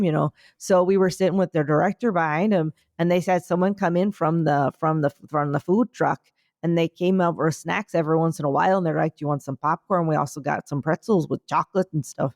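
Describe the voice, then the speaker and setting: A woman's voice: fairly low pitch, a little mellow, dry recording, clean studio sound. A woman podcast co-host with an occasional Philadelphia accent, telling rambling stories in casual chat. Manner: rambling storyteller, many restarts.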